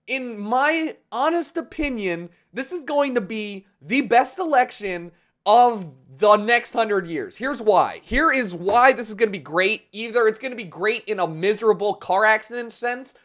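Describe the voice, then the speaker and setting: A man's voice: high-pitched, fairly bright tone. A young man ranting casually and sarcastically about politics, swearing often and rambling. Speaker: vlogger.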